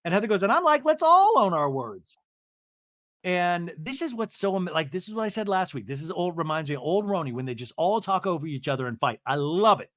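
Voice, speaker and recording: A man's voice: high-pitched, fast, few pauses, a bit bright, no room sound, studio quality. A man hosting a podcast, giggling through a gossipy comedic recap of a reality show and acting out the lines he quotes.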